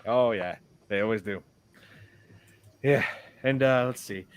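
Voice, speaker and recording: Male podcast co-host, mid-pitched, loose rambling delivery, dry close-miked sound. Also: measured pace, clear, resonant tone, dry recording. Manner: rambling, many restarts and fillers. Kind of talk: casual chat about a film.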